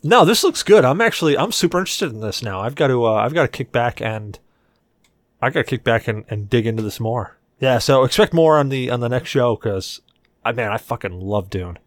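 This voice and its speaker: A man's voice: medium pitch, lively intonation, fairly quick, no room sound, clean studio sound. A man hosting a podcast in crude casual chat, rambling, enthusiastic and full of swearing. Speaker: podcast host.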